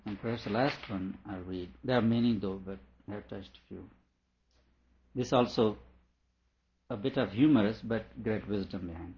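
A man with a fairly low voice gives a lecture on scripture, going over each idea patiently and restating it in different words. The recording is dull and lo-fi, with the top end muffled. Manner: deliberate, explains by repeating and rephrasing. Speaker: teacher.

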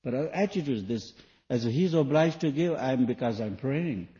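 Man, sermon, earnest questioning, mellow, dull lo-fi recording. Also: mid-range voice, lively intonation, normal speed. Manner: questioning, earnest, with shifts between soft and loud. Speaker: spiritual teacher.

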